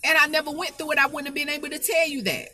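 A woman with a high, bright voice delivers a conversational sermon straight to her listeners. She talks in a folksy, down-to-earth way, hammering her points by repeating them. Soft music plays underneath. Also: little pitch movement, rapid-fire. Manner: emphatic, repeats phrases for emphasis. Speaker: preacher. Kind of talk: informal spoken sermon.

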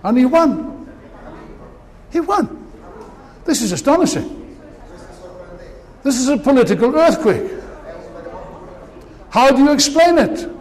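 A man's voice: very high-pitched, very animated, takes it slowly, pauses often, darkish tone. A man giving an impassioned political speech to an audience, with mocking asides. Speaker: political speaker. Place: large meeting hall. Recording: long reverb of a hall.

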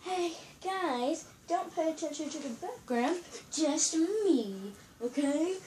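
A woman's voice: sits high, expressive, slow, noisy background, voice pushed up. A woman voicing a cocky little male toy figure in a home video skit, talking in a boastful, self-important way. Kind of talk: home video play-acting.

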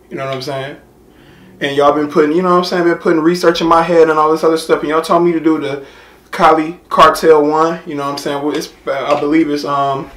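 A man in his twenties hosting a reaction video, talking casually and rambling with lots of slang, his voice hoarse and nearly gone. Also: on the high side. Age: 20s. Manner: rambling, filler-heavy, laid-back slang. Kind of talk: casual talk to camera. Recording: echoey room.

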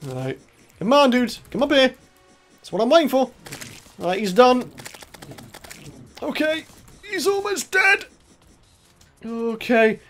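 A young man commentating his own gameplay, excitable, laughing often and shouting when in trouble. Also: very high voice, measured pace, long pauses. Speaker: gaming channel host. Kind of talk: let's play commentary.

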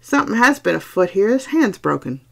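A woman voicing a raw-boned male Irish village doctor with an Irish accent, blunt, teasing and forceful. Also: medium pitch, very animated, fairly quick, vocal fry.

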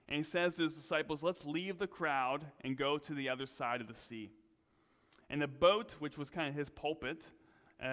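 A male pastor preaching a sermon in a relaxed, conversational way, with self-deprecating asides. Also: a little high, clean tone, long reverb tail. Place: church sanctuary.

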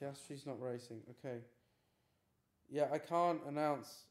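Casual live-stream chat from a male streamer whose mid-pitched voice sounds natural and unforced. He reads chat in a relaxed, talkative way, laid-back and ready to brush off teasing.

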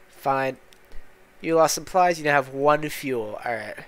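A man's voice: a little high, lively intonation, unhurried, fairly bright tone. A man hosting a casual gameplay commentary, muttering in frustration with lots of swearing as he plays. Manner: profane, exasperated muttering. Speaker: gaming channel host.

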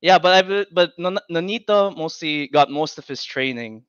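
A man with a slightly raised, smooth and resonant voice talks boxing casually, pausing and restarting often. His audio is dry and dull, with a lo-fi video-call sound. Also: on the high side, dry recording. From Philippines. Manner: relaxed, halting, lots of fillers and restarts. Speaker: guest boxing commentator. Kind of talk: casual chat.

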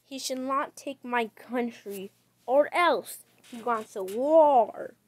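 A woman streaming a game, talking very slowly and drawn out in a fairly high voice. Her chatty commentary keeps jumping into loud, excited bursts. The sound is dry and close, with no room echo. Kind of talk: gaming livestream commentary.

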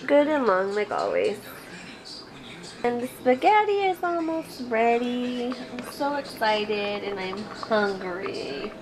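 A woman vlogging casually at home, chatty and excitable. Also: a little high, slow, crowd noise, poor audio. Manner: chatty, excitable, sing-song baby talk to her pets. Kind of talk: casual home vlog chat. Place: living room at home. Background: TV show with cheering audience playing.

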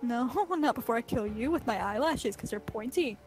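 A woman's voice: a little high, expressive, normal speed, darkish tone, faint music behind, close to an everyday voice. A woman voicing a vain, menacing cartoon villain with over-the-top threats in a parody fan dub.

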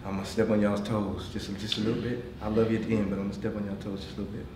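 Animated storyteller man, echoey and far. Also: on the low side, rapid-fire. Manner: animated storytelling, laughing as he tells stories; addresses the audience directly and playfully. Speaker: motivational speaker. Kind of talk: motivational speech to a business team. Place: corporate meeting room. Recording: echoey room from far off, noisy.

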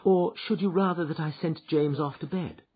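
A woman's voice: deep voice, moderate pace, breathy edge, pitched above the performer's own voice. A man voicing a kindly, motherly doctor's wife who speaks in a soothing, coaxing way, in a dull lo-fi recording. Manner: warm and coaxing.

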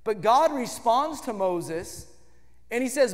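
A man with a strikingly high voice preaches a sermon and builds emphatically into shouted lines. His voice rings with the long reverb of a big church hall. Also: expressive, slow. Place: church sanctuary.

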